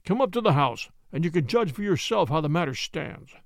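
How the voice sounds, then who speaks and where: A man's voice: a little high, lively intonation, brisk, dry recording, clean studio sound. A man reading an audiobook voices an angry, burly middle-aged baronet who thunders and blusters. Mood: grudging.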